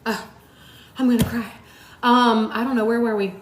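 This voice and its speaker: A woman's voice: fairly high pitch, steady tone, normal speed, slight background noise. A woman co-hosting a motivational talk, speaking with heartfelt emphasis, repeating herself for weight and swearing casually. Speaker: co-host of a motivational talk show. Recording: echoey room.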